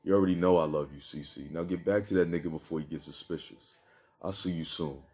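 A man voicing an impatient man plotting a robbery, talking in curt, dismissive street slang with a deep, dark voice. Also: fairly even intonation, brisk, husky. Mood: scheming.

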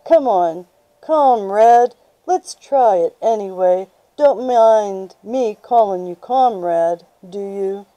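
A kindly old veteran who speaks in a slow, unhurried rural drawl, as a woman reads him aloud. The tone is very dark and mellow, and the room is dry and close. It sounds like a storybook reading. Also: mid-range voice, no echo, close to an everyday voice, rough recording. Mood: folksy. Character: old male war veteran, folksy and kindly.

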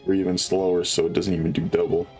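Chatty young man with a low voice. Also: flat delivery, fast talker, darkish tone, faint music behind. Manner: chatty and upbeat, talks to viewers, many fillers. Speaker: let's play host. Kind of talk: casual gameplay commentary.

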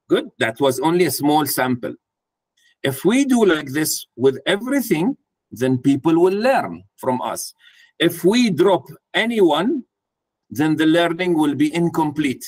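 A man speaking to a live audience at a mentoring workshop, putting questions to the room and acting out a parent talking to a child. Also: a little high. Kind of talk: interactive workshop talk.

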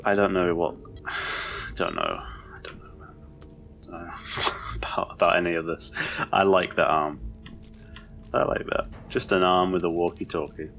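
A man's voice: low voice, expressive, unhurried, creaky, pauses often, a bit bright. A man giving rambling, confused, sweary commentary as he plays a horror game. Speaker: let's play host. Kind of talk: gameplay commentary.

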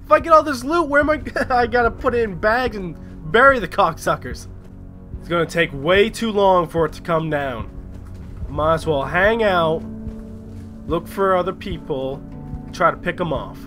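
A man giving live gameplay commentary, excitable and profane, talking to himself as he plays. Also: high-pitched, moderate pace, soft background music. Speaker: gaming streamer.

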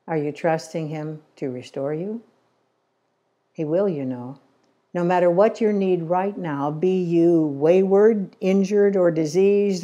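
A woman's voice: sits low, mellow. A middle-aged woman giving a church talk, telling stories earnestly and acting out the quotes. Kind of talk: storytelling sermon.

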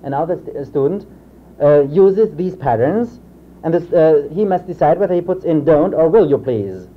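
A man's voice: on the high side, lively intonation, normal speed. A man giving an academic lecture, hesitant, with many fillers and restarts. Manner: reads example drill sentences aloud in a raised voice. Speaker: professor giving a convocation lecture. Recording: tinny lo-fi 1960s reel-to-reel tape with faint hiss.

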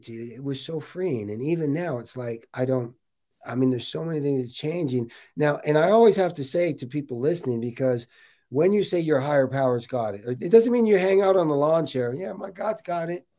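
A middle-aged man chats casually as a podcast host. His voice sits fairly high for a man, and he tells his story with plenty of energy and a lot of "dude.". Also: moderate pace. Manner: animated storytelling, says "dude" often. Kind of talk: casual interview chat.

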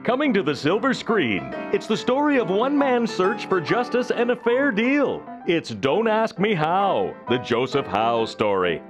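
A man's voice: sits high, big pitch swings, measured pace, hardly any pauses. Guy doing a movie trailer voice, big dramatic delivery, guitar music under. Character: booming male movie-trailer announcer.

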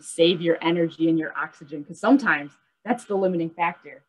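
A lively young woman leads a webinar lesson for children, talking over a video call. Her voice sits a little low and has a husky edge. She keeps checking in with the kids, asking them questions and tagging "right?" onto her points. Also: moderate pace, highs cut off. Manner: upbeat, asks kids questions, says "right?" often. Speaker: nature educator.

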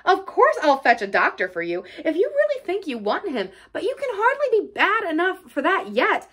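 A woman voicing a cheerful, brisk male water rat who coaxes his friend out of bed. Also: mid-range voice, expressive, a bit bright. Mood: anxious. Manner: brisk, hearty and coaxing.

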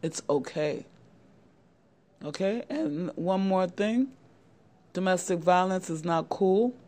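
Speaking slowly in a fairly low, dark voice, a middle-aged woman addresses young men straight to camera. She hosts a channel and gives earnest motivational advice, repeating her points and calling her listeners "guys."

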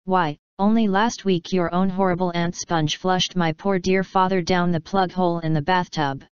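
A woman's voice: fairly low pitch, steady tone, moderate pace, clear, resonant tone, no room sound, lightly acted. A woman voicing a melancholy, dignified female spider who talks in a mournful, sighing way. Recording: slightly dull, dry recording.

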